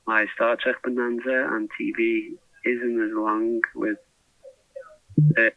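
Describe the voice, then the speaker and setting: A man records his podcast diary over a phone handset from a prison cell, speaking haltingly and rambling with restarts. His mid-range voice is flat and sharp-toned, and he takes it slowly. The phone-line recording is dry.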